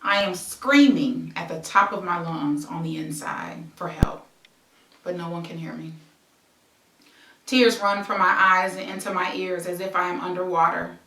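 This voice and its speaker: A woman reads her own memoir aloud as a present-tense story, stopping now and then for casual asides to the listener. Her voice sits low yet sounds bright and forceful. The recording is roomy and she is a little far from the mic. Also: a little slow, a little hiss or hum. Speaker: memoir author and host.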